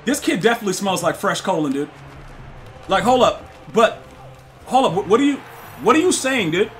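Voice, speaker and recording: There's a slight hiss or hum behind this young streamer's high voice as he plays a football game live. He chats with viewers at a normal speed, excitable and full of slang, repeating himself often.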